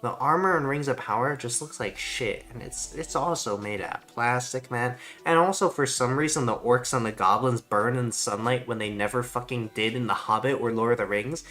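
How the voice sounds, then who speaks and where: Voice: mid-range voice, moderate pace, hardly any pauses, fairly bright tone, faint music behind. A streamer chatting casually while gaming, ranting in a rambling, profane way.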